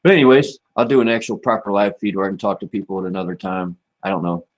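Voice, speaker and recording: A livestream host with a lowish voice talks fast and casually to his viewers. He rambles in a relaxed, easygoing manner, often throwing in "man" and "you know."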